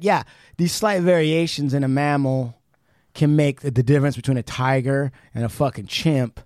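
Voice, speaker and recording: A man co-hosting a podcast, retelling a conversation in casual, animated chat, swearing freely and restarting sentences. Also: mid-range voice, no echo, clean studio sound. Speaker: podcast co-host.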